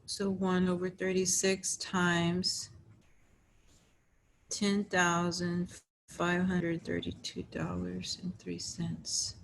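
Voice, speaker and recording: A woman's voice: lowish voice, monotone, takes it slowly, gravelly, a little hiss or hum, low-quality recording. A tired woman teacher patiently talking through arithmetic step by step in a recorded math lesson. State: tired, yawning.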